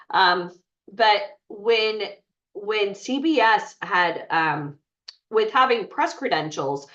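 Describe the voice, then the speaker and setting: A woman's voice: mid-range voice, fairly bright tone. A woman giving a blunt, chatty motivational talk to an audience, often asking the room questions. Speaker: bootcamp speaker. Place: event room. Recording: muffled sound from far off.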